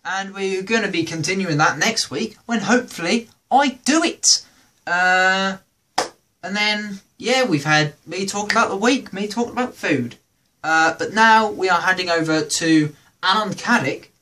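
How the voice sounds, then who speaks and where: A man's voice: high voice, normal speed. A man with a British accent hosting a comedy show, performing a stand-up routine and acting out the voices of people in his stories. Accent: British English. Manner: animated, acts out quoted voices. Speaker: comedy podcast host.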